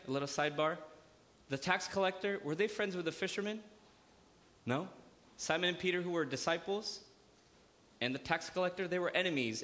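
Pastor, man, lively, joking sermon, hall reverb. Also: fairly high pitch. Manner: lively preaching with jokes and acted-out asides. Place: church hall.

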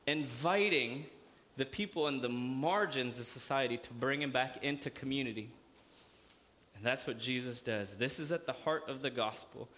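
Pastor preaching in a reverberant hall. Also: male voice, mid-range voice. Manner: lively preaching with jokes and acted-out asides. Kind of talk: sermon. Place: church hall.

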